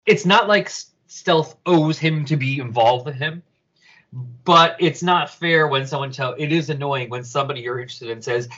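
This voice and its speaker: A man's voice: a little high, normal speed, lo-fi sound. A man casually retelling an episode as a podcast host, acting out the voices as he goes. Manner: animated storyteller who acts out voices.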